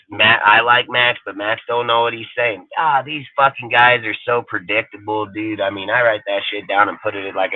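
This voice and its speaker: A man's voice: on the low side, dry recording. A man hosting a fan live show, ranting heatedly with lots of swearing. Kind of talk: livestream fan rant. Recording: tinny phone-like dry sound.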